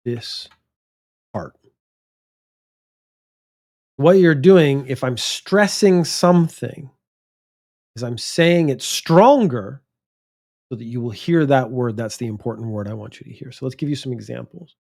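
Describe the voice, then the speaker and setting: Slow, deliberate male English teacher. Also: medium pitch, gravelly, darkish tone. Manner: slow and deliberate, stretches words out and stresses key words. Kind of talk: vocabulary lesson, thinking aloud.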